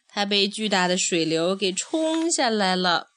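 Bright, lively-voiced woman reading to a child. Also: medium pitch, measured pace, no room sound. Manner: patient, explains and asks the child questions. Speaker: parent reading a picture book with a child. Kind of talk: read-along storybook lesson.

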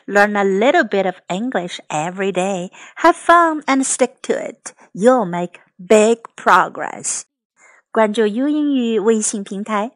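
A woman's voice: medium pitch, no room sound. A woman English teacher giving a cheerful bilingual channel introduction.

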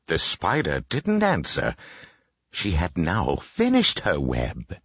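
A man narrating a children's picture book as a professional audiobook reader, expressive and playful. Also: very deep voice, slow, breathy edge, no echo. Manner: expressive, voices each animal. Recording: dry, slightly dull lo-fi audio.

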